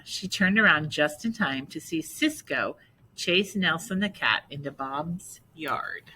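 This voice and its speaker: A woman reading a picture book aloud slowly, adding explaining asides to listeners. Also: sits low, bright, forceful tone, a little hiss or hum, poor audio. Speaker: storybook reader.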